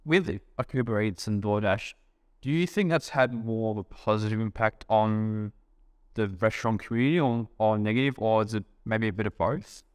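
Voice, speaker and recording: A man co-hosting a podcast, asking a measured, curious question in a casual interview. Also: lowish voice, smooth. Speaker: podcast co-host.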